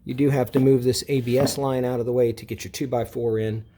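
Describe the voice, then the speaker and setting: A man's voice: mid-range voice, fast, slight background noise. Man explaining car suspension casually. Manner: relaxed, explanatory, frequent fillers. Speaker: car hobbyist demonstrating suspension parts. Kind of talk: casual how-to commentary.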